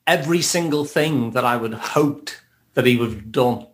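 A man's voice: mid-range voice, moderate pace. Liverpudlian male guest, mid-range voice, thoughtful and easygoing. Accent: Liverpool (Scouse). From Liverpool, England. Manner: reflective, laughs lightly as he talks. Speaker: podcast guest, therapist. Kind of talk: casual podcast conversation.

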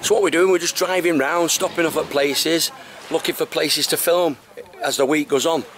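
An enthusiastic Englishman with an English accent and a fairly high voice talks chattily while filming himself on a tropical trip. The camera audio carries clear outdoor noise. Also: steady tone, moderate pace, fairly bright tone. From England. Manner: chatty, enthusiastic, keeps saying fantastic. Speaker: travel vlogger. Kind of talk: casual handheld travel vlog. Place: outdoors on a tropical island, beaches and roadside.

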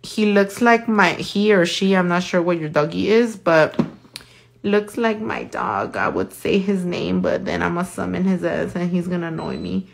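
A woman with a fairly low, animated voice and some vocal fry speaks at normal speed. As a nail artist demonstrating on a live tutorial, she's casual with her viewers, swears often, and mixes Spanish into her English.

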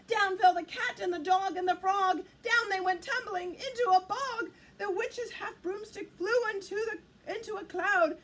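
A woman reading a picture book aloud to children in an animated, sing-song way. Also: very high voice, moderate pace, few pauses. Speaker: children's storyteller.

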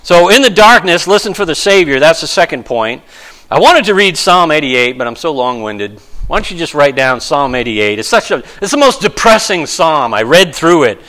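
Male pastor, higher voice, bright tone, casual preaching with dramatic quoted lines. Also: sing-song, normal speed, low-quality recording. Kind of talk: sermon.

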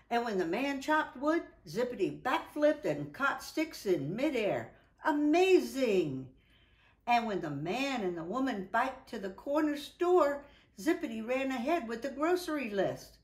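Slow, animated woman reading storybook. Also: a little high, reverberant. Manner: animated, drawn-out, voices for characters. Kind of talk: children's storybook read-aloud. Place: indoors at home.

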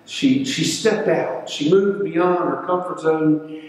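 A male pastor giving a sermon and reading scripture in a measured, deliberate way, sometimes repeating words. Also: on the high side. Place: church sanctuary. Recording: echoey church hall from far off.

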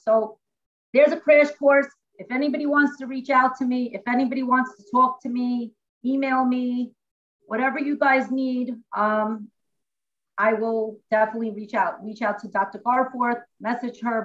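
A woman teacher talks from home over a video call, walking through a lesson step by step in a lively, chatty way. Her voice sits a little high, and the call audio comes through dull and lo-fi. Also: moderate pace. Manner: animated, chatty, explains step by step. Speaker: classroom teacher. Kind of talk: informal teaching demonstration.

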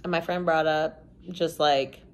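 A young woman vlogger with a fairly low voice chats casually to the camera. She rambles openly and swears now and then, leaning on "like" and "you know" as she talks. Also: fairly even intonation, measured pace. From United States. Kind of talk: casual confessional chat to camera.

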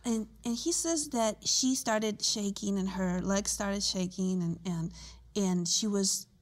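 Animated woman telling a story. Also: mid-range voice, takes it slowly. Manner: animated, acts out quoted voices; laughs often, restarts sentences. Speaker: co-host. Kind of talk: casual storytelling chat.

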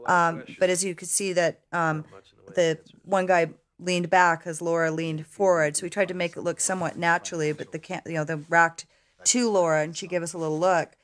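A woman's voice: lowish voice, little pitch movement, a little fast. Canadian woman recalling a shoot. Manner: thoughtful, with many ums and restarts. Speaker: episode director. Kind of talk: casual commentary chat.

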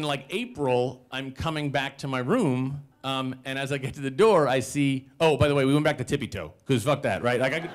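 A man in his forties telling a comic personal story live on stage, self-mocking, with animated quoted voices and audience laughter behind. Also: mid-range voice, noisy background.

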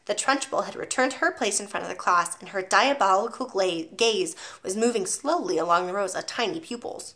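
A woman reading a children's novel aloud with expressive storytelling. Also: mid-range voice, brisk, hardly any pauses. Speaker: audiobook reader.

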